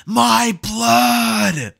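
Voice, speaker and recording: A man voicing a frenzied, bloodthirsty young male sand ninja in a fan story, with high, yelled lines. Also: animated, extremely slow, creaky, exaggerated voice. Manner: shrill and yelling. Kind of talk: fan storytelling with voiced characters.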